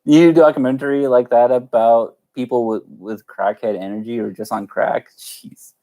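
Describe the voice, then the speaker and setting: A man's voice: mid-range voice, steady tone, normal speed, dark tone. A man casually chatting with viewers on a live stream, playful and chatty, often breaking into giggles. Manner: giggly, keeps breaking into laughter.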